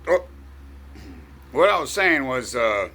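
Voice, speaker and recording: A man with the hiccups talking casually to camera, halting and full of filler words. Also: medium pitch, very animated, sharp tone. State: has the hiccups. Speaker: vlogger. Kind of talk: rambling casual monologue.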